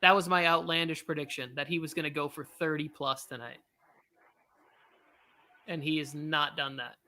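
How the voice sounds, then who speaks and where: Man, watch-party co-host, casual rambling game talk, bright forward tone. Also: a little high, steady tone. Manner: rambling, quick asides, self-mocking. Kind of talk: casual live game commentary.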